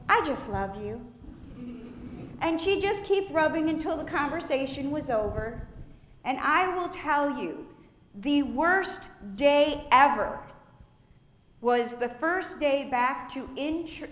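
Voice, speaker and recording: High bright woman pastor, slow and echoey. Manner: warm storytelling with gentle laughs. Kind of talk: funeral eulogy. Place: church sanctuary. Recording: echoey church room.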